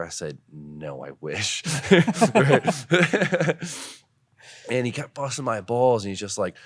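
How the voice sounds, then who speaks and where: Deep-voiced man telling a wild story. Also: takes it slowly, no room sound. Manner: animated storyteller, swears, laughs often. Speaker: podcast guest, car builder and drifter. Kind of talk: casual storytelling chat.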